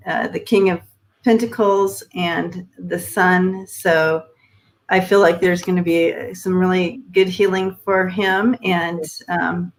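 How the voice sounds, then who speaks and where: Lowish woman giving hesitant tarot readings. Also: poor audio. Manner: loose, hesitant, many fillers. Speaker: co-host and tarot card reader. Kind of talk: live-stream spiritual reading.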